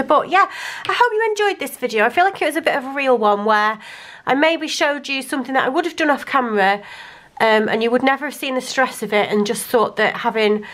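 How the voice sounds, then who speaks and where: A woman's voice: fairly high pitch, fairly bright tone. A young woman chatting casually to camera while she sorts her sticker collection and thinks aloud. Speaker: planner sticker vlogger.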